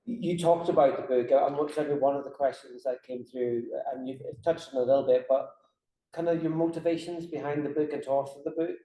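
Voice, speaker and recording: A man's voice: medium pitch, steady tone, a little fast, mellow, echoey room, a little hiss or hum, low-quality recording. A man hosting a discussion who moderates politely and checks in on audience questions. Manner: polite, hesitant phrasing. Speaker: host.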